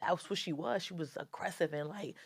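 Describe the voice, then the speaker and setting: A woman's voice: fairly low pitch, fairly quick, vocal fry, husky, no echo, studio quality. A young woman from the Bronx with a New York accent, a rapper chatting animatedly in an interview, slangy and swearing freely. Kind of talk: casual interview talk.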